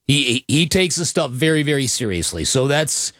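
A man co-hosting sports talk radio, rambling and halting with many restarts. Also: medium pitch, big pitch swings, a bit bright, dry recording, clean studio sound.

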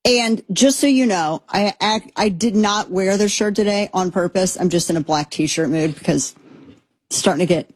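A woman host in her thirties or forties rants through an opinion segment with sarcasm and plenty of restarts. Her voice has a husky edge at a middle pitch. The sound is close and dry, with no room around it. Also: moderate pace, no echo. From Texas, USA. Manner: animated, sarcastic, rambling with restarts. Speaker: commentary show host. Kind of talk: opinionated monologue commentary.

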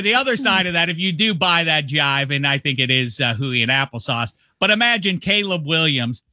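A middle-aged man from the Midwest talks football over a video call, rambling through self-mocking asides. His voice is sharp and bright, a little high for a man, and the sound is close and dry with no room at all. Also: lively intonation, fairly quick, few pauses, no room sound. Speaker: guest football analyst. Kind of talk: casual sports radio chat.

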